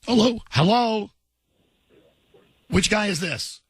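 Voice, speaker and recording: A man's voice: high voice, lively intonation, slow pace, breathy edge, dry recording. A man hosting a morning radio show, teasing his callers with wisecracks. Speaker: radio host. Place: radio studio.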